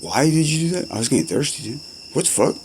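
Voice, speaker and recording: A man's voice: medium pitch, sing-song, fast, darkish tone, a little hiss or hum. A young man in rambling, profane comedy-skit banter, full of slang and back-and-forth.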